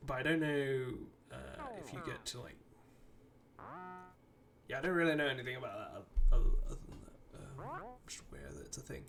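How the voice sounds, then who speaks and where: With game music and a crowd audible behind him, a man streams a video game, chatting to the characters and rambling through casual commentary. His medium-pitched voice swings widely in pitch, has vocal fry, and moves at a fairly quick clip.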